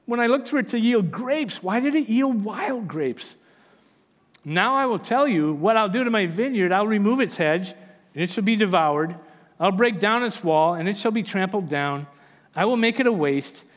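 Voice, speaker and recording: A man's voice: sits high, animated, normal speed, in a large hall. A man preaching a sermon, reading scripture aloud and explaining it with earnest, emphatic delivery. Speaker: pastor.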